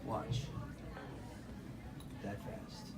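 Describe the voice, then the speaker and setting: A man's voice: very slow, very noisy. A man from Philadelphia doing chatty comedy magic patter on stage, joking and laughing through his lines. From Philadelphia, Pennsylvania. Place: live theater show with audience. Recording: distant live stage recording, loud ambience.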